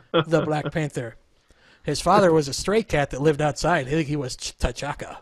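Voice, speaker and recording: A man's voice: fairly high pitch, moderate pace, dry recording. A man in his thirties hosting a casual show over a video call, joking and rambling. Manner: joking, rambling, self-deprecating. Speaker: podcast host.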